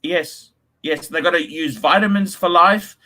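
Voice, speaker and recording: Aussie guy ranting on a livestream, swears a lot, high bright voice. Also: measured pace. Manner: blunt, profane, ranting. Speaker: livestream host. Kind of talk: casual livestream chat, reading donations.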